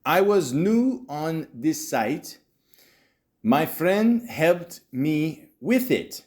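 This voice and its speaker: A man voicing an adult woman online scammer with an exaggerated put-on accent, reading her words slowly and haltingly. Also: a little high, big pitch swings, a little mellow, pitched above the performer's own voice, full character voice. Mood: mocking.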